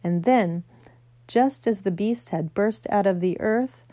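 A woman reading a children's novel aloud, gentle storytelling with small slips. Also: medium pitch, slow pace, no room sound. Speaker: narrator.

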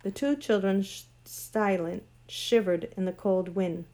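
A woman's voice: mid-range voice, unhurried, dark tone. Woman reading a storybook aloud. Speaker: narrator.

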